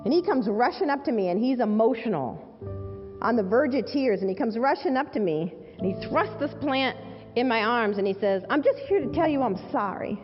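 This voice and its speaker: A woman's voice: a little high, animated, moderate pace. A woman, a civil rights lawyer, giving a public speech and telling a personal story with emphasis, repeating key phrases. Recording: echoey hall, dull sound, faint music underneath.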